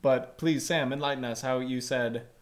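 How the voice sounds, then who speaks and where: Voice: mid-range voice, fairly even intonation, normal speed. Rambling, jokey camp podcast host. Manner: rambling, jokey, many fillers. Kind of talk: casual chat.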